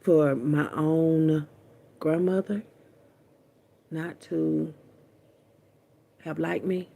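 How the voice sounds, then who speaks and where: Woman vlogger, husky and breathy, casual storyteller who talks straight to camera, blunt and salty, repeats for emphasis. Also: deep voice, fairly even intonation, drawn-out words, dark tone. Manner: blunt, profane, chatty, repeats herself. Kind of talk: candid casual storytelling to viewers.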